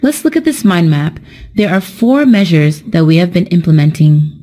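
Calm woman teaching an English lesson. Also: on the low side. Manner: slow, careful, explanatory. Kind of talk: scripted lesson narration.

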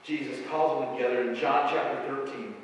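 A man preaching a lively sermon to his congregation, joking and acting out voices. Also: mid-range voice, brisk, slight background noise. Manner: animated, joking, acts out quoted voices. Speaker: pastor. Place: church sanctuary. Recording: echoey hall from far off.

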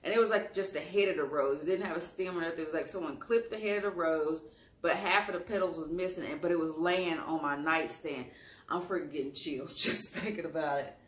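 A woman's voice: low-pitched, brisk, roomy sound. A woman vlogger telling a personal story in a casual, rambling way, often repeating her phrases and using colloquial grammar.

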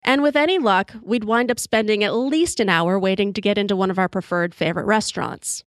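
A woman's voice: mid-range voice, brisk, no room sound, clean studio sound. A woman hosting a podcast, telling wry, profane stories in a conversational monologue while sipping whiskey. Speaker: podcast host.

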